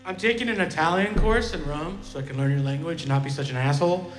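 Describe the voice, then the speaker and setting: A man's voice: on the high side, fast talker. A man doing casual, profane, rambling stand-up banter on a live stage. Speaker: stand-up comedian and musician. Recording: live hall echo, music behind.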